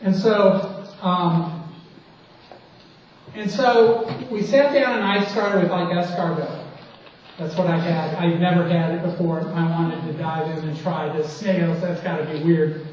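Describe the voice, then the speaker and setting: A man's voice: on the high side, fairly even intonation, a little slow, a little mellow, muffled recording, slight background noise. A man from St. Louis, a college marketing lecturer, telling a rambling, conversational anecdote in class, recorded from a distance in a large lecture hall. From St. Louis, United States. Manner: rambling, conversational, restarts words. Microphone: distant room mic.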